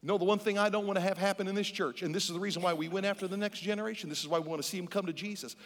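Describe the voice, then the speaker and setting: A male pastor preaching a sermon, firing off rhetorical questions and quick asides. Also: high voice, fairly even intonation. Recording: long hall reverb.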